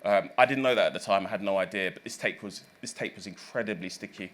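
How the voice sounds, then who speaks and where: A man's voice: lowish voice, fast talker, fairly bright tone. A man in his thirties, a recording engineer, telling stories in an interview, rambling with many fillers and self-corrections. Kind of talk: reflective interview storytelling.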